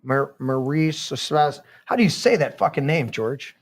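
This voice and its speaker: A man's voice: medium pitch, expressive, measured pace, slight background noise. A man hosting a podcast, ranting casually and reading news articles aloud, rambling, swearing and stumbling over words. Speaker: podcast host.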